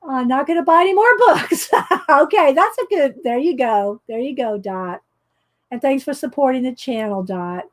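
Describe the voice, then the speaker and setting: A woman with a Southern US accent hosts a casual live stream, reading prompts to viewers and greeting them by name. Her voice sits high and is expressive, and she talks at a normal speed, chatty and laughing often.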